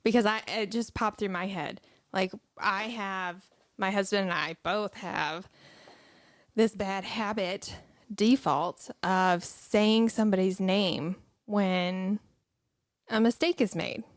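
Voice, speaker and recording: A woman in her thirties co-hosts a casual morning show, chatting in a plain, conversational way and often backing up her partner with quick affirming murmurs. Her voice is medium-pitched and steady, recorded close and dry without room echo.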